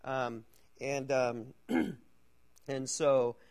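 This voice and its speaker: Man telling a story, halting and conversational. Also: medium pitch, steady tone, creaky, darkish tone. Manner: conversational, halting, many fillers and restarts.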